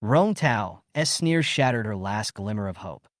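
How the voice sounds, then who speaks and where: A man narrating a recap story in a steady, scripted storytelling voice. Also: lowish voice, unhurried, no echo, studio quality.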